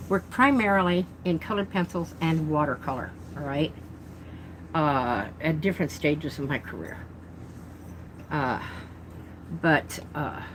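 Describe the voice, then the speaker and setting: A deep-voiced woman vlogs while unboxing art supplies, chatting and rambling with self-deprecating asides as she talks through a mouthful of food. The audio is poor, with slight background noise.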